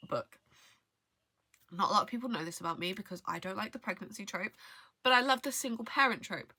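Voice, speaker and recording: Young female book vlogger, casual and rambling, bright voice, dry close sound. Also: a little high, dry recording. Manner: rambling, trails off, hesitant restarts. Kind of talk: casual book review chat.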